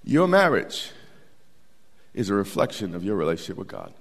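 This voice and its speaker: A man preaching a sermon as pastor, animated and folksy, repeating words for emphasis. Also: sits low, moderate pace, creaky. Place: church sanctuary. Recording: long hall reverb.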